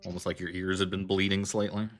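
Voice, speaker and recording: Low-pitched male game master, casual and rambling, soft music underneath. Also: flat delivery, fast. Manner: loose, filler-heavy narration. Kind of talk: narrating a tabletop game.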